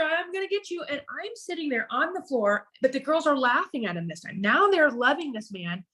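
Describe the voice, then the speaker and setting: Halting, emotional woman telling her story. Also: fairly high pitch, a bit bright. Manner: halting, with frequent restarts and repeated words. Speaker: podcast guest.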